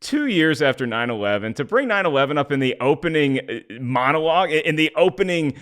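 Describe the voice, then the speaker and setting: Rambling male podcast host, lively pitch, self-deprecating jokes. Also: fairly quick, smooth. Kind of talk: casual chat.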